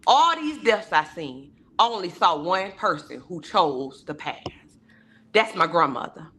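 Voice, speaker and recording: A woman's voice: on the low side, very animated, measured pace, fairly bright tone. A woman giving a heartfelt, emphatic testimony on a video call, preacher-like in her delivery and acting out the voices she quotes. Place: virtual town hall video call.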